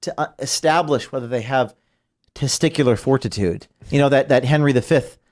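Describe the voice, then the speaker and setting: A man talks as a guest in a podcast interview at a middle pitch. He is emotional and halting, often trailing off into a quiet voice. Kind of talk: interview conversation.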